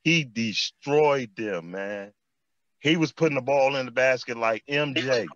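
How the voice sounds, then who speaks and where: This former basketball player with a Chicago accent tells stories in an interview, animated and street-style, repeating phrases and saying "man" a lot. His mid-range voice is unhurried, and the recording is dry and muffled.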